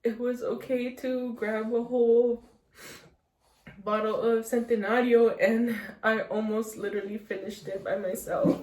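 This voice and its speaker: A young woman in a personal vlog, telling her story in a halting, emotional way and close to tears. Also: a little high, fairly even intonation, a little mellow. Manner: halting, emotional, many restarts. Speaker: vlogger. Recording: echoey room.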